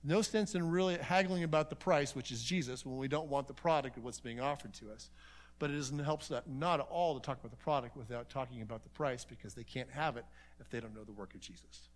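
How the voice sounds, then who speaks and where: A man's voice: medium pitch, fast talker. A man teaching a conference seminar in a conversational way, telling stories and acting out conversations with many asides. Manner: animated storytelling, acts out conversations.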